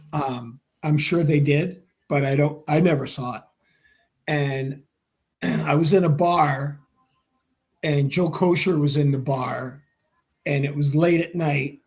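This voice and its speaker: A man, a former hockey player and interview guest, telling a long story with lively acted-out dialogue and casual swearing. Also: on the high side. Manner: animated storyteller, acts out quoted dialogue, swears freely.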